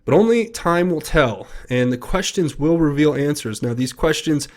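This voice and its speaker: A man's voice: a little high, animated, normal speed, darkish tone. A man hosting solo political commentary, reading posts aloud in a casual, rambling, emphatic way with many fillers and restarts.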